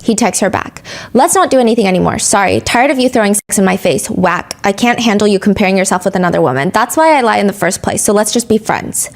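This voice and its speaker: A woman hosting a true crime podcast, narrating court testimony and reading text messages aloud in an earnest storytelling manner. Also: quick pace. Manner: earnest storytelling, rises in pitch when reading emotional texts aloud.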